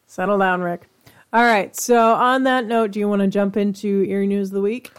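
Relaxed woman podcast co-host. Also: mid-range voice, normal speed, clear, resonant tone. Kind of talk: casual podcast chat.

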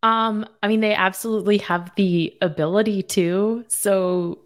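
A woman's voice: mid-range voice, steady tone, measured pace. A woman co-hosting a radio show, chatting casually and laughing easily. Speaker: co-host.

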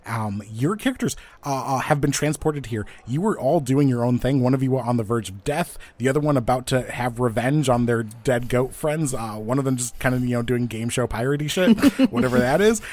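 Male game master, animated and playful, mid-pitched voice. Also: brisk, few pauses. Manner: animated, playful, with frequent fillers. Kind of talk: narrating a tabletop game.

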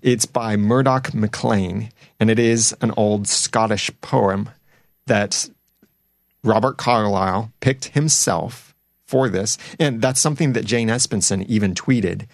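A man's voice: on the low side, slow, dry recording, clean studio sound. A man hosting a casual podcast discussion about a TV show, reading listener comments aloud. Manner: conversational, reads listener comments. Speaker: podcast host.

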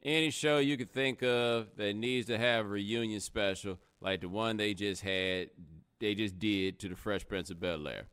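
A young adult man hosting a live podcast, chatting casually with a sarcastic, animated delivery. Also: moderate pace, smooth. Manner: animated, sarcastic, rising pitch when joking. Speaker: podcast host. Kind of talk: casual live-stream commentary.

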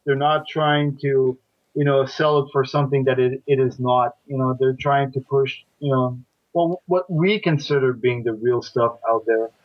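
A man who teaches catch wrestling, a guest chatting casually, talking in a halting way with many fillers and repeated starts. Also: mid-range voice, fairly even intonation, dry recording, lo-fi sound. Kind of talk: casual podcast chat.

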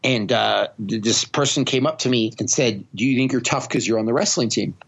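A man's voice: medium pitch, fairly quick, creaky, a bit bright, slightly rough, highs cut off. A man hosting a podcast, telling stories in a blunt, profane, self-mocking way. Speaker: podcast host. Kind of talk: casual storytelling chat.

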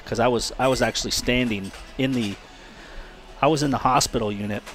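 A man's voice: mid-range voice, a little fast, soft background music. A man, a retired race car driver, talking candidly as an interview guest, often repeating himself and swearing. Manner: frank, repeats words and restarts, swears.

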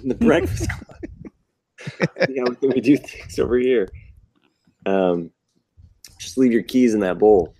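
A man co-hosts a casual podcast, riffing on absurd jokes with an easy giggle. His pitch bounces widely as he goes. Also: huge pitch swings, slow pace, long pauses, mellow, breathy edge, no echo. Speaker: podcast co-host. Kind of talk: casual chat.

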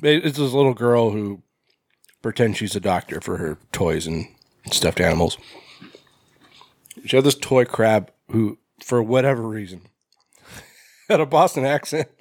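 A young man co-hosting a horror podcast, chatting casually with loose, swearing, animated rants. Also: fairly low pitch, unhurried, long pauses, no echo, studio quality. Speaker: podcast co-host. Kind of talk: casual chat.

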